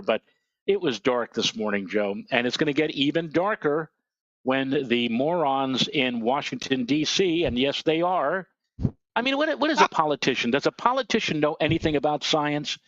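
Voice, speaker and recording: A man's voice: medium pitch, a bit bright, no echo. A man co-hosting a weather show, ranting indignantly in casual chat. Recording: dull lo-fi dry sound.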